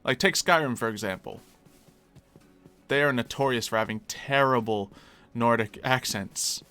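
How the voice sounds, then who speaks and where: A man's voice: medium pitch, unhurried, sharp tone, smooth, faint music behind. An American man streaming live, chatting casually and answering requests from his chat. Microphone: desk mic.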